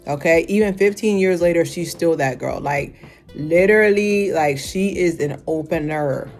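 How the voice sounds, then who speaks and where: Chatty young woman with faint music. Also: normal speed. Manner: chatty, animated, lots of filler words and sudden high exclamations. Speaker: vlogger. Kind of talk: casual fashion-show review chat.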